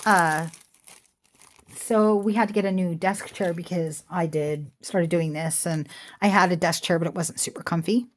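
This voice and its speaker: A woman's voice: fairly low pitch, a little hiss or hum. Chatty woman selling jewelry at home. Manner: chatty, rambling asides. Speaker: online jewelry seller. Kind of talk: casual chat while showing jewelry. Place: home room with a squeaky chair.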